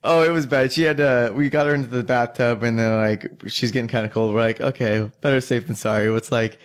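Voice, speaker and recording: A man's voice: medium pitch, fairly even intonation, brisk. A young man telling a long drinking story in casual chat, rambling, swearing and laughing as he goes.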